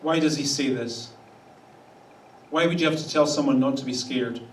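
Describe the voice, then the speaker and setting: A man's voice: mid-range voice, moderate pace, slight background noise. A man preaching a conversational sermon as a pastor, wry in tone and slipping into the voices of the people he quotes. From Canada. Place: church hall. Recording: echoey church hall, voice a bit distant.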